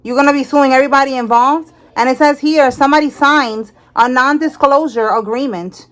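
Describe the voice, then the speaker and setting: A woman giving a casual tarot reading, animated, talking to the cards and to Spirit and repeating herself. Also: high-pitched, fairly quick. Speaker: tarot reader.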